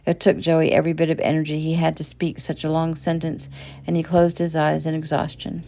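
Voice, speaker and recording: A woman's voice: low-pitched, monotone, mellow. A woman casually reading her own novel aloud as narrator. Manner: plain, unhurried reading.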